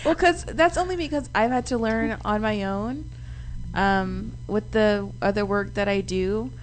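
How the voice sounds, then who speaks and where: A woman radio co-host teaching a short Spanish segment, speaking slowly and carefully with frequent giggles. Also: mid-range voice, poor audio. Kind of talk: casual radio chat. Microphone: studio microphone.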